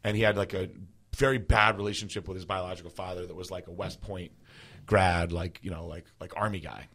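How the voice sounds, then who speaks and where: A very low-voiced man in his thirties, sounding like a podcast host, tells a long personal story loosely and casually. He rambles with plenty of fillers and restarts, speaking fairly quickly in a steady, slightly rough voice with a fairly bright tone.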